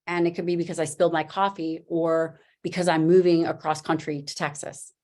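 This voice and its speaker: An American woman, a physician, giving a lively slide presentation and telling stories in an emphatic style with frequent asides. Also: fairly low pitch, a little fast, few pauses. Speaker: physician giving an online talk.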